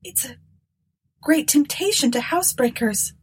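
A woman's voice: high voice, lively intonation, measured pace, pitched above the performer's own voice. Eunice, a woman voicing a frightened timid sister. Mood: uneasy. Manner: fearful, pleading, moaning.

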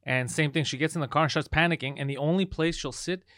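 A man teases and jokes in rapid, bright banter, swearing casually. His voice sits a little high and is recorded dry and close. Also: steady tone, no room sound. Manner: teasing, quick jokes, swears freely. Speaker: podcast co-host. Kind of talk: casual comedy podcast chat.

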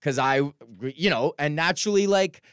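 A young man hosting a podcast, talking frankly in a rambling, profane way with many halting restarts. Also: on the high side, fairly bright tone, clean tone, dry recording, studio quality. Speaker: podcast host. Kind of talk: casual rambling monologue.

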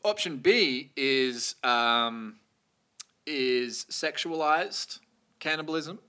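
A man's voice: a little high, expressive, drawn-out words, bright, forceful tone, clear, resonant tone. A man co-hosting a podcast, chatting casually and joking crudely, often laughing. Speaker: podcast co-host.

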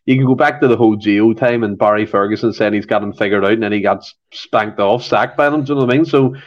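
A man's voice: lowish voice, quick pace. A Scottish man on a football podcast panel, talking in a worked-up, emphatic way. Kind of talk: casual football chat. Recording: dull lo-fi sound.

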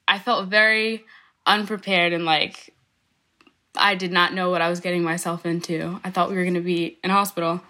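Bright young woman, anxious retelling. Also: on the low side, flat delivery, moderate pace. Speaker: daughter recounting a birth. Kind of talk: storytelling interview.

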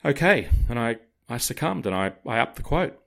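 A man, telling a dramatic personal story to podcast listeners in a casual, animated way. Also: medium pitch, fairly quick, creaky.

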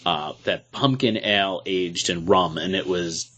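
A man's voice: low-pitched, unhurried, breathy edge, lo-fi sound. Laid-back boston guy on a podcast, kinda hesitant, trails off. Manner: relaxed, trailing hesitant phrasing. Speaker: podcast co-host. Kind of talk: casual chat.

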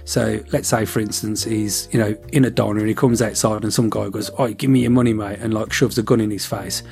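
Chatty man, lowish voice. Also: fairly even intonation, creaky, a little mellow, soft background music. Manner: rambling, acts out dialogue with quick voice switches. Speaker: podcast co-host. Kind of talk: casual chat.

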